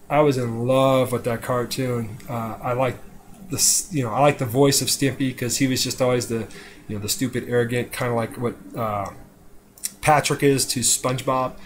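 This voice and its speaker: A man's voice: mid-range voice, slight background noise. A man chatting casually on a live stream, rambling with lots of fillers, with a dry throat. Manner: rambling, with many "uh"s and laughs. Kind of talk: casual chat.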